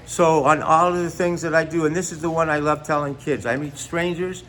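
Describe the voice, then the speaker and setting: A man's voice: a little high, fairly even intonation, fairly quick, few pauses, a bit bright. An older man, a stand-up comedian, chatting casually and jokily in an interview, rambling with many asides. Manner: rambling, jokey, full of fillers and asides.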